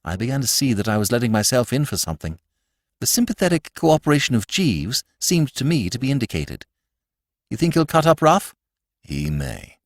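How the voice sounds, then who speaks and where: Animated male storyteller. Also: deep voice, dry recording, studio quality. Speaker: podcast narrator. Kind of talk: scripted audiobook narration.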